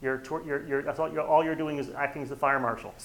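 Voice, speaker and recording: A man's voice: on the high side, fairly even intonation, rapid-fire, vocal fry, few pauses, fairly bright tone, slight background noise, rough recording. A man leading a real estate training session, talking casually and often acting out bits of dialogue. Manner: conversational, acts out quoted dialogue. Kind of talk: workshop lecture.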